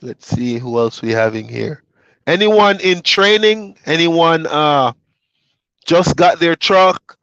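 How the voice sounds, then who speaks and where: Jamaican-born trucker, chatty and dry. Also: male voice, on the high side, takes it slowly, dry recording, lo-fi sound. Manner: relaxed, rambling storytelling with fillers. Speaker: truck driver vlogger. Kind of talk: casual chat to viewers.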